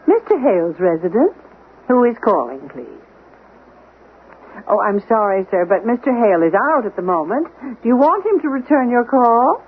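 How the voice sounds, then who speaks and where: A prim, condescending butler, voiced by a man, high-pitched and very lively in his sing-song delivery. He speaks with precise, formal politeness in an old radio play, heard through a tinny, lo-fi recording with faint hiss. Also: moderate pace. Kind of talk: old-time radio drama acting.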